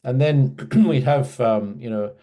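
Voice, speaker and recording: A man's voice: medium pitch, slow pace, dark tone. A man in his sixties from Australia, a guest in an interview who reminisces in a meandering, restarting way. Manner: meandering storyteller, many restarts and asides.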